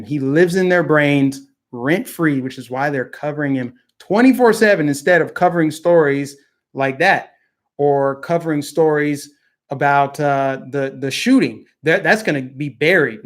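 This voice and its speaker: A young man hosting a political commentary show, delivering a heated, indignant opinion monologue and mocking the people he criticizes. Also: fairly high pitch.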